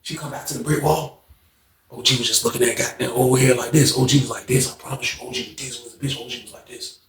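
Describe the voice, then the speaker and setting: A man telling a story in a casual, slangy way, animated and often laughing. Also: mid-range voice, quick pace, gravelly, crowd noise. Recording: roomy echo.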